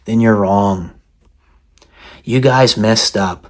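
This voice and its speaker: A man's voice: lowish voice, slow pace. A man giving a mock-serious, sarcastic comedic rant to the camera as a vlogger. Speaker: satirical vlogger.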